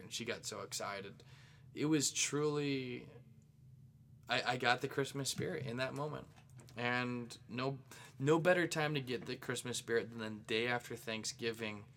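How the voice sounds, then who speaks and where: A man from the St. Louis area hosting his own podcast alone, rambling excitedly with jokey asides. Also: medium pitch, vocal fry, slight background noise. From St. Louis area, Missouri. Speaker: podcast host. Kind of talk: casual solo podcast monologue.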